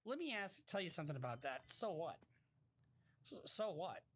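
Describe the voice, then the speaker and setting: A man's voice: on the high side, big pitch swings, normal speed, a bit bright. A man giving casual live-stream commentary and reading out viewer messages, blunt and swearing freely, often stopping and restarting his sentences.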